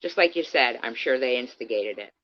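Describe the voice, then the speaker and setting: A woman's voice: rumbling low, animated, a little fast. Heated, cursing woman on a lo-fi stream. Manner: heated, profane, confrontational, addresses critics directly. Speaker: livestreamer. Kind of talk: angry ranting livestream. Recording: dull lo-fi stream audio.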